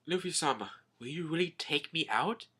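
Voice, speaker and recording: A man putting on a timid, soft-voiced mermaid princess. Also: a little high, animated, moderate pace, slightly rough, heavily acted. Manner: soft, hesitant, quiet.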